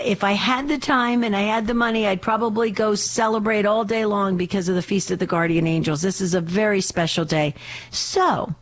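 A woman hosting a live call-in radio show, talking in a fervent, urgent, pleading way, still getting over a slight cough. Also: mid-range voice.

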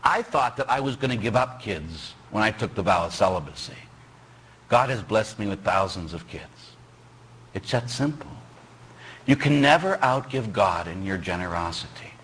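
A middle-aged man preaching as a priest, his voice bright and slightly husky. He tells stories, acts out the people in them, and breaks into sudden shouts. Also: mid-range voice, poor audio. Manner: storytelling with animated quoted voices and sudden shouts. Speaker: Catholic priest. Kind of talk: sermon.

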